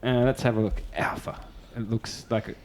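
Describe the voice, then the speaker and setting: A man's voice: mid-range voice, steady tone, moderate pace. A man co-hosting a casual chat, reading film listings aloud and joking around. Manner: jokey, reads listings aloud, bursts into silly put-on voices. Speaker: podcast co-host. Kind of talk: casual chat about upcoming films.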